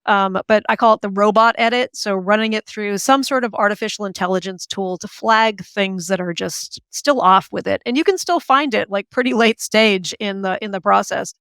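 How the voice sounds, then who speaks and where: A woman author as an interview guest, talking in an animated, chatty way with many fillers and restarts. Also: mid-range voice, moderate pace, few pauses, clean tone, no room sound. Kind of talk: conversational interview.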